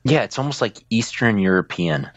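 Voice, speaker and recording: A man's voice: lowish voice, animated, moderate pace, no room sound, dull audio. A man co-hosting a podcast, chatting casually about films in an easygoing, joking way. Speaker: podcast co-host. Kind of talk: casual movie review chat.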